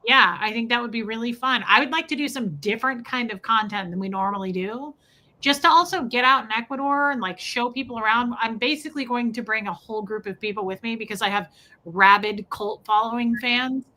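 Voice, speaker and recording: A young woman co-hosting a casual livestream chat, telling stories with gushing, animated energy. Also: on the high side, brisk, rough recording. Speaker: co-host.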